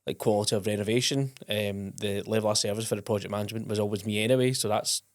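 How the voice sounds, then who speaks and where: A man's voice: on the low side, steady tone, fast, no room sound, studio quality. A man hosting a podcast in casual, rambling chat with many restarts. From Scotland. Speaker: podcast host.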